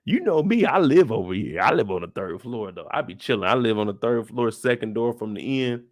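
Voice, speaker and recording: A man hosting a live after-show, telling a story in an animated, profane way with sound effects. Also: medium pitch, a little fast, dry recording. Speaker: show host.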